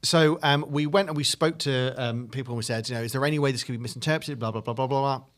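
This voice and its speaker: A man's voice: medium pitch, quick pace. Comedy guy rambling through a story, um-ing a lot, casual chat. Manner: rambling, animated storyteller with fillers. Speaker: comedy duo member, guest.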